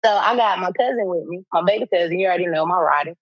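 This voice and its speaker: A woman's voice: lowish voice, rapid-fire, no echo, muffled recording. Laughing, profane woman telling a story. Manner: animated, profane, laughs often mid-story. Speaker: podcast co-host. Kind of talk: casual storytelling chat.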